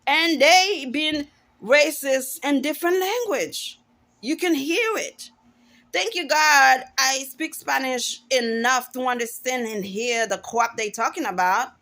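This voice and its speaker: A woman's voice: high voice, slow, sharp tone. Emphatic, outspoken woman vlogger. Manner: emphatic and outspoken, with frequent restarts. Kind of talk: casual opinion monologue to camera.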